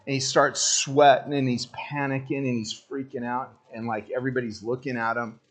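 A man's voice: medium pitch, level tone, moderate pace. A man preaching a sermon as pastor, casual and joking, talking straight to the congregation.

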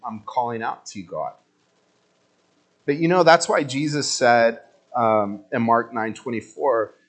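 A man preaches in a relaxed, chatty way, retelling scripture with lively storytelling and casual slang. His voice sits in a middling pitch. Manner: conversational, animated storytelling with slang. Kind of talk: informal sermon.

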